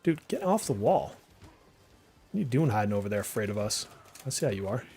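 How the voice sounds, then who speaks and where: Chatty streamer with a faint Massachusetts accent. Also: male voice, on the low side, very animated, a little fast, a little mellow, breathy edge, faint music behind. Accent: mild Massachusetts, slipping through on some words. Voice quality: speech impediment. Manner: chatty and rambling, many "like" fillers, reacts aloud to the game. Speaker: game streamer. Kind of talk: casual live-stream gameplay commentary.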